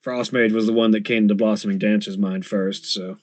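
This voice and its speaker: A man playing a tabletop role-playing game, measured and polite as he asks for help. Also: on the low side, fairly even intonation, dry recording. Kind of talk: casual game table chat.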